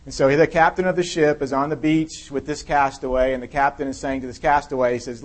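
A man's voice: medium pitch, fairly even intonation, fairly quick, few pauses. A male pastor giving a sermon that includes a scripture reading and a prayer, speaking in a candid, conversational way and thinking aloud with frequent restarts.

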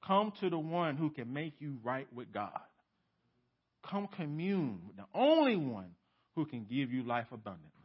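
A male pastor preaching a sermon in a church, emphatic, asking rhetorical questions and swinging from loud to hushed. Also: a little high, big pitch swings, moderate pace, breathy edge. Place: church sanctuary. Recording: dull lo-fi sermon recording.

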